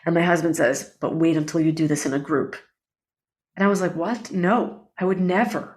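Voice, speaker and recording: A middle-aged woman, a breathwork facilitator, telling personal stories in an emotional, animated way with many fillers. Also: low voice, normal speed. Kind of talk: casual interview storytelling.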